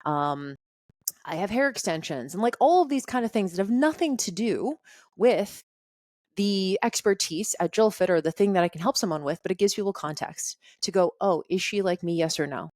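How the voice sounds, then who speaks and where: A woman hosting her own podcast in a candid, chatty style, peppering her talk with "like" and the occasional curse. Her voice sits at an ordinary middle pitch. The sound is dry and close, with no room echo. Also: lively intonation, normal speed, darkish tone. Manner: chatty and candid, with frequent "like" fillers and casual swearing. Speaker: podcast host. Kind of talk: solo podcast talk, casual and conversational.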